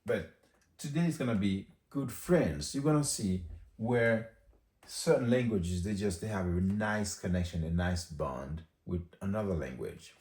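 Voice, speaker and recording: A man giving a casual language lesson, chatty, saying phrases again slowly for learners. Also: deep voice, darkish tone, echoey room. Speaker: language teacher.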